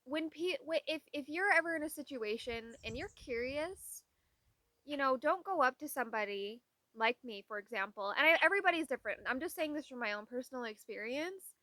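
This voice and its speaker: A woman's voice: sits high, lively intonation, fairly quick, pushed and bright, no echo. A young woman talking casually into the camera, telling candid, exasperated stories and acting out what others said. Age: young adult. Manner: candid, exasperated storytelling with quoted voices. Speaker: vlogger. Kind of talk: casual vlog talk.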